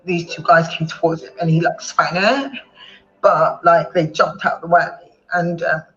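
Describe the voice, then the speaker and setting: A woman telling a personal story on a panel, rambling and halting, with many fillers and restarts. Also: lowish voice, fairly even intonation, a bit bright, lo-fi sound, faint music behind. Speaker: panel guest.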